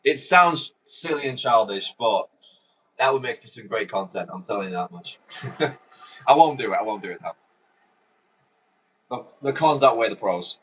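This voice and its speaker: A man's voice: fairly low pitch, expressive, moderate pace, long pauses, fairly bright tone, breathy edge, poor audio. Chatty male game commentator. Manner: chatty, rambling asides between calls. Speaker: host. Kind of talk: live football game commentary.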